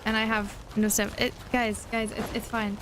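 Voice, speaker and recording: Excitable young woman streamer, slightly high. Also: brisk, over music. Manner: excitable, chatters to viewers, repeats phrases when flustered. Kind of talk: casual gaming stream chat.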